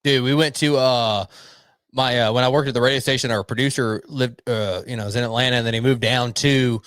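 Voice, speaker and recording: Young male co-host, loose profane storyteller, dry close sound, average pitch. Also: steady tone, a little fast, fairly bright tone, dry recording. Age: young adult. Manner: rambling, swears a lot, acts out voices in anecdotes. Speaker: podcast co-host.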